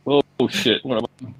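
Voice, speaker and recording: A man's voice: medium pitch, sing-song, slow pace, breathy edge, rough recording. A man chatting casually on a livestream, swearing constantly and laughing often. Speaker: guest on a livestream. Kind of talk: casual chat. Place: on holiday abroad.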